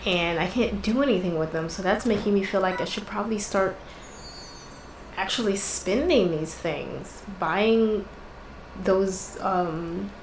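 Lady gamer talking slow over her playthrough, gets frustrated, roomy with a little hiss. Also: mid-range voice. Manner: frustrated, exclaiming at the game. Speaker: gaming channel host. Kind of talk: casual gameplay commentary.

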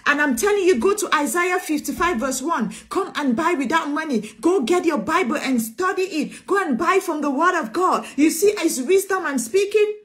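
A woman's voice: very high voice, lively intonation, moderate pace, few pauses. A woman preacher, preaching an emphatic sermon, repeating phrases and calling listeners sweetheart.

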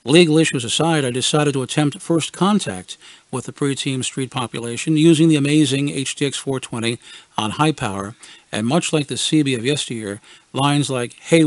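Wry man reading a deadpan story. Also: mid-range voice, normal speed, no echo. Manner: wry, deadpan storytelling, acting out quoted voices. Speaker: radio essayist. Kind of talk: scripted first-person storytelling.

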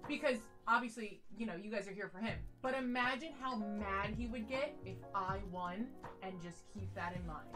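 A woman's voice: medium pitch, moderate pace, hardly any pauses, music in the background. A woman co-hosting a live stream, teasing and playful, heard from off the main mic. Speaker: co-host. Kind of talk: casual live stream chat.

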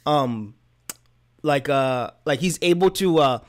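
A man's voice: on the high side, lively intonation, takes it slowly. A young man co-hosting a reaction video, talking loosely and enthusiastically with lots of fillers. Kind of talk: casual reaction chat.

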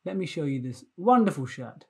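A man teaching a live online maths lesson for children, energetic and playful, often repeating himself. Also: fairly high pitch, fairly quick.

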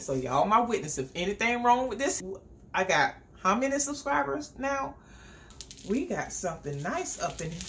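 A chatty, excitable beauty vlogger unboxes products at home, talking straight to her viewers in a casual vlog. Her voice sits in the mid-range, with slight background noise.

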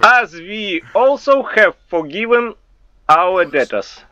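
A man from Ukraine with a Ukrainian accent, speaking careful English slowly in casual voice chat, often restarting words. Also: high voice, expressive, sharp tone, dry recording, muffled recording. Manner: slow, careful non-native English with restarts. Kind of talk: casual chat in an online game.

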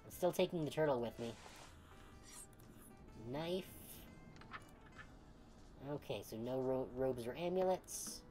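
A woman's voice: a bass voice, animated, slow, long pauses, dark tone, soft background music. A woman streaming a game, chatting casually and playfully, joking and laughing often. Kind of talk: casual let's-play commentary.

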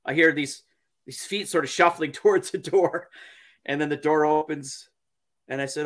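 A man, a podcast guest, telling a story in a halting, casual way, repeating words and using many fillers. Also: fairly high pitch, a bit bright.

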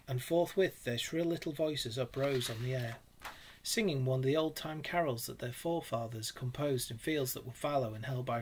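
A man, a teacher, reading a classic storybook aloud in a steady, expressive way. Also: mid-range voice, husky.

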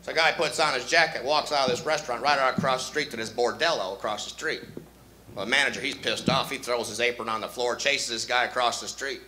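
A man doing stand-up comedy and telling crude jokes in a punchy, quick setup-and-punchline way. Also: mid-range voice, background noise.

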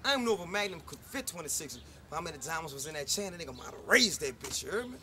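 A man's voice: on the high side, sing-song, racing. A man with a New Orleans accent, a rapper, giving an unscripted, profane and boastful rant to the camera on a neighborhood street. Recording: loud street noise with passing cars.

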